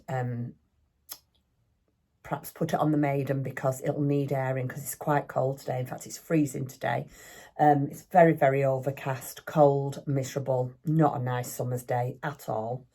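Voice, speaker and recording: A woman's voice: a bass voice, fairly even intonation, normal speed, mellow. An older woman, chatting casually and rambling a little as she films a craft vlog in her home craft room. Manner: chatty, rambling, self-deprecating. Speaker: craft vlogger. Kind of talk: casual chat.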